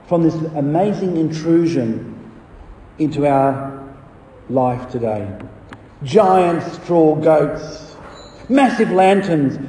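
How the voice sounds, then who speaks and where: A man's voice: on the high side, dark tone, a little hiss or hum. A male pastor preaching a sermon, asking rhetorical questions and swelling on key phrases. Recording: echoey hall from far off.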